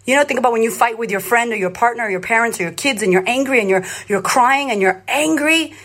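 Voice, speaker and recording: A woman's voice: on the high side, fast, a bit bright. A woman in her thirties from Australia, a confidence coach talking live to her followers in a blunt, emphatic way, swearing freely and repeating phrases for emphasis. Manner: repetitive, rallying cadence. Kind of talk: live social media talk to followers.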